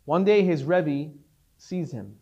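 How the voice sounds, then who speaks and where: Brief: a male rabbi in a class, telling a story casually, with a lively, expressive pitch. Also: slow pace, dull audio. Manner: conversational, animated storytelling.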